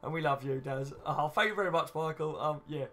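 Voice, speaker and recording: A man's voice: fairly high pitch, brisk, fairly bright tone. A man in his thirties hosting a casual live stream, chatting loosely and answering viewer comments with lots of ums and "you know what I mean".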